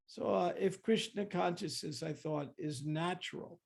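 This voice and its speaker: With a high, gravelly voice carrying a breathy edge, this older guest speaker talks a little slowly. His storytelling is reflective, full of restarts and acted-out quotes from other people.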